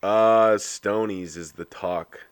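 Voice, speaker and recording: A man's voice: lowish voice, fairly even intonation, slow pace, a loud crowd. A man chatting casually, a bartender and beginning stand-up comedian with an easygoing manner. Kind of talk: casual chat.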